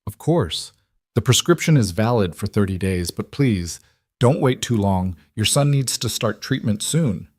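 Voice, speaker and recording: A man voicing a sorry, gentle woman pharmacist. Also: fairly low pitch, lively intonation, measured pace, no room sound, clean studio sound. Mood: gently apologetic. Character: kind sympathetic woman pharmacist.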